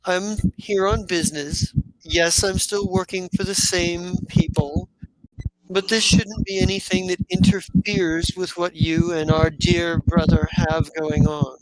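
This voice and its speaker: A man's voice: high voice, steady tone, unhurried, no echo, low-quality recording. A man voicing a smug, teasing woman who works as a private military contractor. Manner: teasing, sly and mocking. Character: smug teasing woman mercenary, sister of Crenville.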